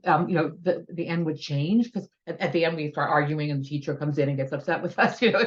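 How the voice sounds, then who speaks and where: Low-voiced woman consultant on a video call. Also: fast, few pauses, highs cut off. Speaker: educational consultant. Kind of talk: presenting on a video-call panel.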